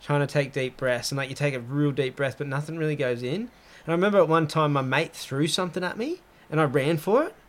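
A young man hosting a podcast, telling stories in casual chat, full of "like" and acted-out quotes. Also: fairly quick. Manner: animated storyteller, heavy use of "like", acts out quotes with rising pitch. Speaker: podcast host.

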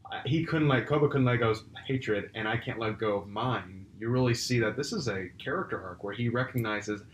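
A man co-hosting a casual film discussion podcast, retelling scenes with animated energy. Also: fairly low pitch, a little fast. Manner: animated storyteller, acts out scenes. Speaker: podcast co-host. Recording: roomy with faint background noise.

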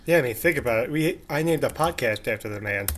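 A man's voice: mid-range voice, lively intonation, fast talker, a bit bright. A man hosting a podcast, casually asking his co-host questions. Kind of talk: casual chat.

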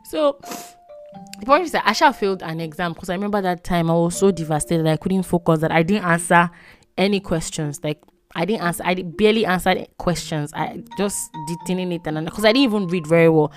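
Animated Nigerian woman telling a story. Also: fairly low pitch, fairly quick, soft background music. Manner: animated, emotional storytelling with frequent laughs and exclamations. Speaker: podcast host. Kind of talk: storytelling podcast monologue.

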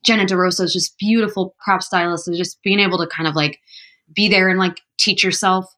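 A woman in her thirties chats as a podcast guest, her voice sitting a little low. She rambles in an upbeat, candid way and peppers her sentences with "like" and "you know". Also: steady tone, a little fast, sharp tone. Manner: chatty, upbeat, heavy use of "like". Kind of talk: casual interview chat.

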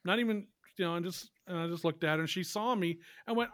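A man with a fairly high voice co-hosts a loose podcast conversation. He talks with eager enthusiasm, laughs often, and swears in passing. The recording is dry and close to the mic. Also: fast talker, few pauses, no echo. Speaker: podcast co-host. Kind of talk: casual chat, storytelling.

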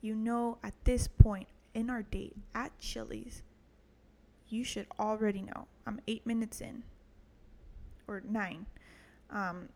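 A woman's voice: mid-range voice, fairly even intonation, slow pace, pauses often, dark tone. A young woman hosting her own podcast in a casual solo monologue, crude and self-mocking, swearing often and laughing at her own jokes. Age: young adult. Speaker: podcast host.

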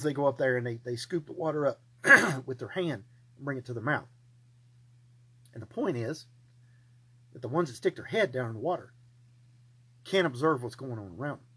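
A man's voice: medium pitch, husky. A man teaching a Bible study, telling the story in a folksy, humorous way and acting out the dialogue.

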